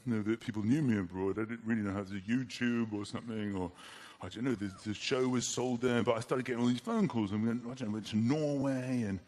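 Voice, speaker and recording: A man's voice: mid-range voice, a little fast. A man doing stand-up comedy on a theatre stage, acting out little scenes and voices. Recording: live theatre with audience noise.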